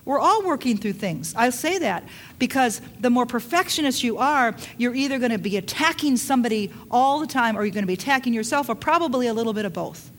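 A woman's voice: on the high side, expressive, brisk, a little hiss or hum. Earnest woman pastor preaching a sermon. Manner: earnest, repetitive preaching with bursts of laughter.

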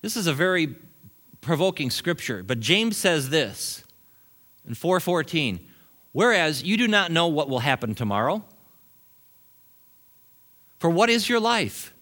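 A middle-aged man, a pastor, preaching a sermon in a church, animated and shifting between loud emphatic points and quiet asides, with brief chuckles. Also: on the high side, unhurried, pauses often. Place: church sanctuary.

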